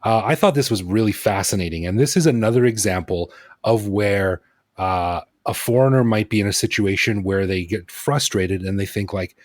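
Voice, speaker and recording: A man with a fairly low voice hosts a casual podcast conversation. He sounds relaxed and reflective and makes wry, self-deprecating remarks. The close mic gives a dry, dead sound. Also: normal speed, dry recording. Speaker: podcast host. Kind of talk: casual interview chat.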